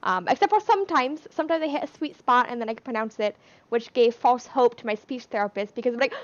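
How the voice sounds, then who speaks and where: A woman's voice: fairly high pitch, quick pace, dry recording, dull audio. Chatty young woman with a speech impediment. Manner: rambling, chatty, laughs between points. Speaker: livestream cast member. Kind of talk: casual chat.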